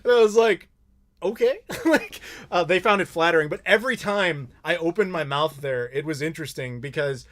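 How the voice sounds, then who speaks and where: An American man from Chicago hosting a casual live chat, telling rambling, animated stories with laughs and the odd swear. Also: on the high side, fairly quick. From Chicago, United States. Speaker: YouTube host answering live questions.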